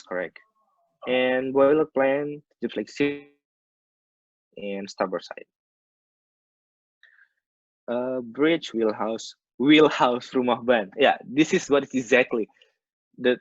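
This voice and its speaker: A man with an Indonesian accent lecturing on maritime English over a video call, in a mid-pitched voice. He works through ship terms and glosses them in Indonesian. The sound is dull and dry, typical of a muffled online meeting. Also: no echo. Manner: explains terms by switching between English and Indonesian glosses, many restarts.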